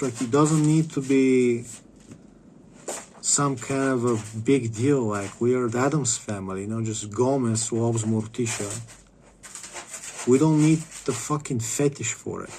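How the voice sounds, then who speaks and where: A man rambles through a casual vlog monologue, swearing freely and stumbling over restarts. His voice sits in an ordinary middle pitch. Faint noise hums behind him. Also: unhurried, a little mellow. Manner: rambling, profane, stammering restarts.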